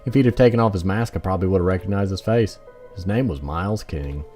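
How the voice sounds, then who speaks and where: A man's voice: deep voice, quick pace, mellow, faint music behind, close to an everyday voice. A man voicing a sarcastic male protagonist who narrates his own story in a game. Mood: wry. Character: wary, sarcastic Irish-American man, stubborn.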